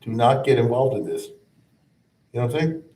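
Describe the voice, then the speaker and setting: A man's voice: mid-range voice, big pitch swings, fairly quick, mellow. A man teaching a rabbinic class in a conversational style, chanting verses and then explaining them with frequent asides. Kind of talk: informal explanatory lecture. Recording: echoey room, mic at a distance.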